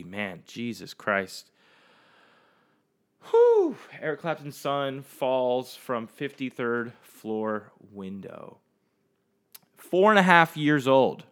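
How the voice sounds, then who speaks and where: With a mid-range voice, this young man runs a solo podcast where he talks straight to his audience in a loose, profane, animated ramble.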